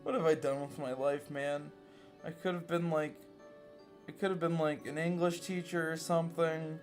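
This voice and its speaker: A young man with a fairly high voice reads fanfiction aloud and comments on it in an exasperated, self-mocking way. He swears freely and laughs often between lines. Faint guitar music plays behind him. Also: flat delivery, normal speed. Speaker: reader reacting to fanfiction. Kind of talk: comedic fanfiction reading with commentary.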